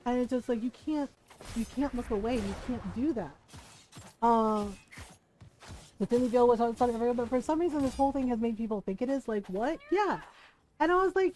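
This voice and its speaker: A woman's voice: fairly high pitch, darkish tone, slight background noise, low-quality recording. A woman streamer ranting casually and heatedly, swearing freely and tossing in rhetorical questions. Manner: heated, profane, rhetorical asides. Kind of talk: casual livestream rant.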